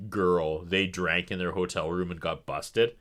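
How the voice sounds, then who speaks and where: A man's voice: low voice, a little slow. A man co-hosting a podcast, chatting casually and jokingly about a TV episode, laughing often. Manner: animated, jokey, laughs often. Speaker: podcast co-host. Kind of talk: casual chat reviewing a TV episode.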